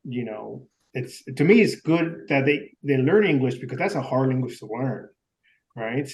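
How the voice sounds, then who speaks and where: A man who stutters, a podcast guest speaking casually with halting restarts. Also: mid-range voice, lively intonation, far from the mic, low-quality recording. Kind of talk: casual chat.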